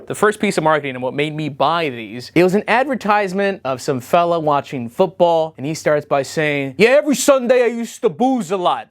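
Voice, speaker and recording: A man doing a comedic product review vlog, sarcastic and profane, recording at home in front of a green screen. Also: fairly high pitch. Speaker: YouTube vlogger.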